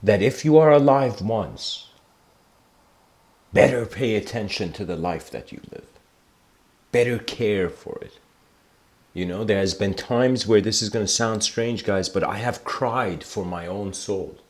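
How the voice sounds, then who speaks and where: A man giving a livestreamed spiritual talk, telling stories reflectively and slowing down for emphasis. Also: lowish voice. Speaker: spiritual lecturer.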